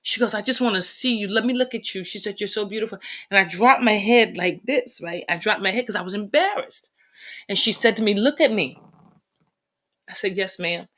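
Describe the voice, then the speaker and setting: Bright-voiced, animated woman telling stories. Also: medium pitch, a little fast. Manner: animated, laughs through funny stories. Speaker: podcast guest. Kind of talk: casual storytelling chat.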